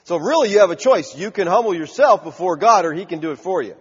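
A man's voice: high voice, animated, fast, husky. A man preaching a sermon in an emphatic, conversational way, heard on a dull recording in a large church hall with a long echo.

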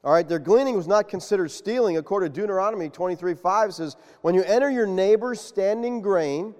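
A man preaching a sermon, animated and quizzing his congregation with questions. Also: high voice. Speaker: pastor. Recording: long reverb of a large hall.

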